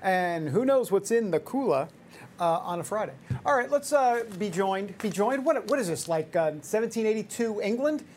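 A woman's voice: medium pitch, animated, normal speed, a little mellow, a little hiss or hum. A woman in her fifties hosting a talk show, giving opinionated commentary with sarcastic, jokey asides. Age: 50s.

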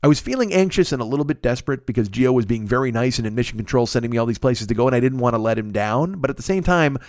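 A man hosting a podcast, telling a comic story in an animated, profane, self-mocking way. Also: mid-range voice, rapid-fire, no room sound, studio quality. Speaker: podcast host.

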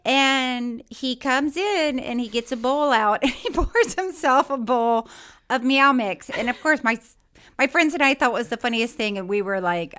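A woman co-hosting a podcast in casual chat, animated and laughing often as she tells stories. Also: high voice, moderate pace, smooth. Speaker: podcast co-host.

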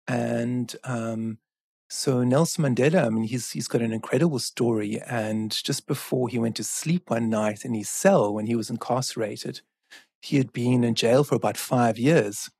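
A man from Africa, a guest author telling a story in an earnest, measured way, often restarting a phrase. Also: mid-range voice, darkish tone, breathy edge, no echo, studio quality. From South Africa. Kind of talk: reflective storytelling in conversation.

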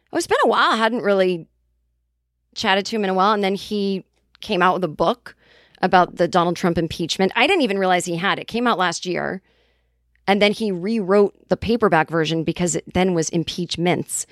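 A woman's voice: fairly low pitch, dry recording, clean studio sound. A middle-aged woman from the Boston area, hosting a podcast and telling a rambling, casual story, swearing freely. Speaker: podcast host.

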